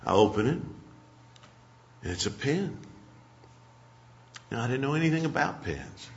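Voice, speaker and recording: A man's voice: mid-range voice, sing-song, unhurried, slight background noise. A man preaching a sermon, telling a folksy personal story and closing in prayer. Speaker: pastor. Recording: dull lo-fi sermon recording.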